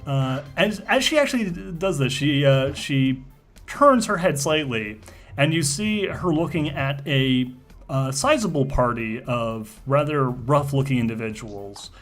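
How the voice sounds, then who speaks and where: Halting male game master narrating. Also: mid-range voice, lively intonation, fairly bright tone, soft background music. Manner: halting, full of fillers and restarts.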